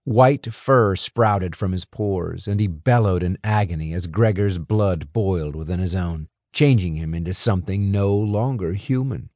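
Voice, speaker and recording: A man narrating a fantasy audiobook in a dramatic, expressive way, close to a studio mic. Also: deep voice, a little slow, hardly any pauses, dry recording. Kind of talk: scripted narration.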